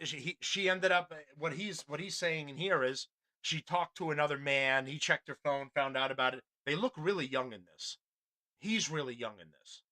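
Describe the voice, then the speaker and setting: A male podcast host talks in a loose, rambling way, full of restarts and blunt profanity. His voice has a bright, forward edge. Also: mid-range voice. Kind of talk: casual commentary on a news clip.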